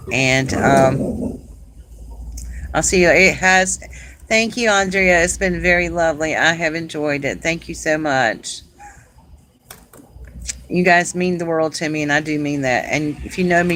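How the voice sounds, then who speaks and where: A middle-aged woman from South Carolina with a Southern accent, chatting casually and warmly with viewers on a live craft stream, laughing often. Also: sits low, slight background noise, low-quality recording. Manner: chatty and homey, laughs often, says "y'all". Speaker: craft channel host.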